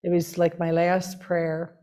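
A woman with a somewhat low voice shares her spiritual story in easy conversation. She sounds earnest and rapt, and her talk is full of "like" and "you know." The tone stays heartfelt throughout. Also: completely flat delivery, slow pace, mellow. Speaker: spiritual community member sharing her story.

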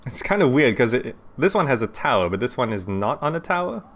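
A man casually commenting as he plays a city-building game, chatty and quick to laugh, recorded on a desk microphone at home. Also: mid-range voice, big pitch swings, faint music behind. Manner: chatty, laughs often, talks through his thoughts aloud. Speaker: gaming YouTuber. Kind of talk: casual let's-play commentary.

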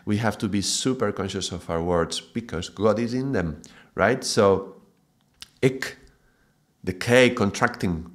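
A male yoga and mantra teacher giving a spoken video lesson, reflective and thoughtful, breaking now and then into excited, laughing bursts. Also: lowish voice, a little slow.

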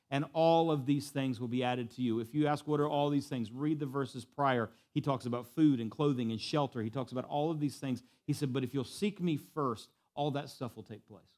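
A man's voice: medium pitch, fairly quick, few pauses. Man preaching with swinging intensity. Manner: preaching with repeated emphatic lines, swinging from quiet to loud. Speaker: pastor. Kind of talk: sermon. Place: church sanctuary.

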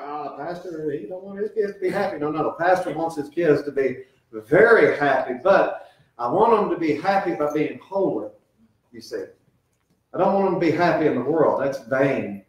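A middle-aged man preaches a sermon in a relaxed, earnest way. His voice sits a bit high, and it rings through a very echoey church. He sounds some distance from the microphone. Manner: earnest, conversational preaching with lively swings and quoted voices. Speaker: pastor. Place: church sanctuary.

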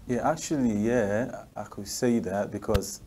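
A man's voice: lowish voice, a little slow, warm tone, a little hiss or hum. A man from Leone, a guest musician answering interview questions in an easygoing way, often saying "yeah" and restarting phrases. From Sierra Leone.

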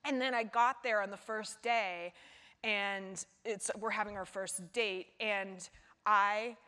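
A woman, the guest author, telling lively anecdotes in a live onstage conversation and acting out the people in them. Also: medium pitch, slow pace, smooth. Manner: animated storyteller who acts out other people's voices. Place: large hall before a live audience. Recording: hall reverb.

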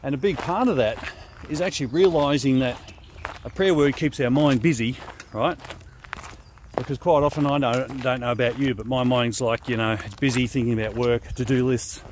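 An Australian man, a host and spiritual director, teaching prayer walking in a relaxed, conversational way while walking in the bush, slightly short of breath. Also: medium pitch, normal speed. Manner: relaxed, conversational, often asks "right?". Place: outdoors in bushland on a walking track. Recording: faint outdoor noise.

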